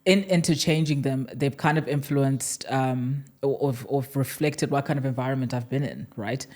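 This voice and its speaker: This is a South African woman whose accent carries a slight American tinge. Her voice sits remarkably low for a woman. She chats casually as a podcast guest, laughing often and restarting her sentences. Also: normal speed, a little mellow. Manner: chatty, laughs often, many fillers and restarts.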